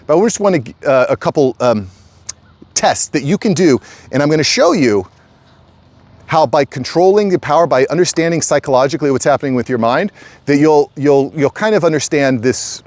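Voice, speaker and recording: A man's voice: medium pitch, darkish tone, dry recording. A middle-aged man hosting his channel, talking straight to viewers in an emphatic, repetitive way and calling them guys. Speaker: channel host. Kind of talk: casual direct-to-camera talk.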